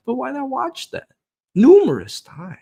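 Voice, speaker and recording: A man's voice: very high voice, wildly swooping pitch, unhurried, dark tone, breathy edge. A young man hosting a football podcast, ranting casually with frustration, swearing and laughing.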